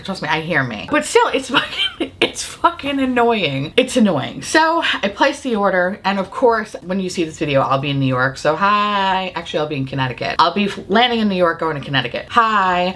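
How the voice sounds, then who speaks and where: A woman's voice: mid-range voice, bright, forceful tone. A woman hosting a casual chat, ranting in a profane, exasperated way and laughing often. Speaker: host.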